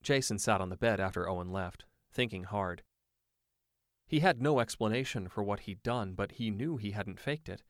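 A man narrating an audiobook in a measured, unhurried way. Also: on the low side, no room sound, studio quality.

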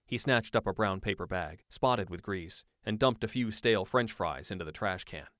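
A man narrating an audiobook in a measured, unhurried way. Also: lowish voice, a bit bright, no echo, studio quality.

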